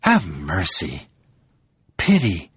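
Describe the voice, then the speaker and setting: A man's voice: huge pitch swings, fairly bright tone, slightly rough, no room sound, exaggerated voice. Man voicing an anguished, pleading man. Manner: low, halting pleas. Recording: dull, lo-fi sound.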